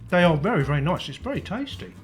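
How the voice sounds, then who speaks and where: A man tastes home baking in a kitchen and chats politely and eagerly. He talks quickly in a lively, slightly high voice, with faint music behind. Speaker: guest taster. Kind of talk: casual chat.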